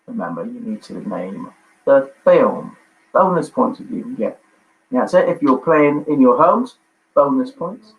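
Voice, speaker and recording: A man hosting a livestreamed pub quiz from home, chatty and jokey, reading out answers with quick asides. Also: mid-range voice, lively intonation. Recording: dull lo-fi livestream audio.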